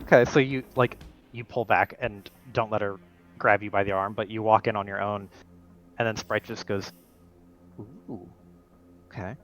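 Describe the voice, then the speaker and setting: A man's voice: on the low side, level tone, moderate pace, a bit bright, soft background music, rough recording. A man narrating as game master of a tabletop role-playing game, loose and full of fillers.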